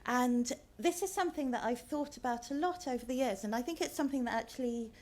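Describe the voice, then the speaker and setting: A woman's voice: high-pitched, fast, a little mellow. A woman author giving a chatty talk with slides, hesitant and full of ums. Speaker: author, guest speaker.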